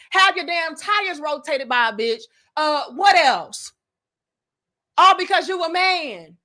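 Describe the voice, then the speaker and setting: A woman's voice: high voice, bright, forceful tone. A young adult woman, delivering a blunt, profane, preachy opinion monologue as a commentary show host.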